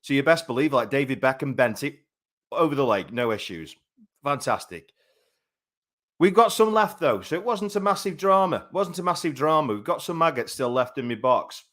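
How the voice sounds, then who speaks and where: Man, thirties, live show host, rambling casual chat, mid-pitched voice. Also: lively intonation, normal speed, a bit bright. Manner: chatty, rambling, lots of fillers. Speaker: boxing show host and commentator. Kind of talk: live-stream talk show hosting.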